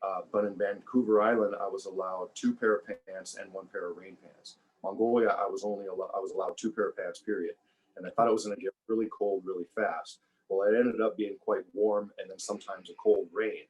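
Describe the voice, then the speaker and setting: A man with a very low, deep voice talks as a podcast guest in easy, conversational interview style. He reflects as he goes and often restarts or repeats words while he gathers his thoughts. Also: fairly even intonation, brisk, a little mellow, muffled recording. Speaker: podcast guest, former survival show contestant.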